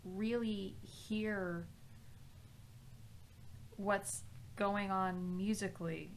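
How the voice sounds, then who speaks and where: A woman's voice: mid-range voice, steady tone, extremely slow, a little hiss or hum. A woman chatting casually on a music podcast, giving blunt, exasperated criticism with lots of filler "like". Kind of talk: casual music commentary chat.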